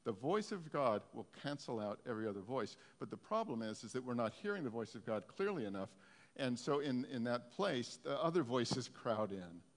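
A male pastor giving a conversational sermon, his intensity swinging from soft to loud. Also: mid-range voice, big pitch swings, fairly quick, in a large hall. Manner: conversational preaching, rising and falling in intensity.

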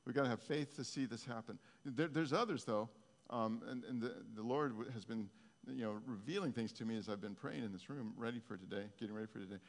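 A man's voice: mid-range voice, fast. Man preaching in a reverberant church. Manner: conversational preaching, rising and falling in intensity. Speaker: pastor. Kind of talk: sermon.

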